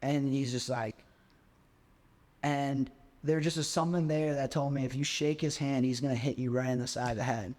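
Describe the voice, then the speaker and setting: With a medium-pitched voice at normal speed and a long reverb tail, a twenty-something podcast guest animatedly tells a casual story. He fills nearly every phrase with "like."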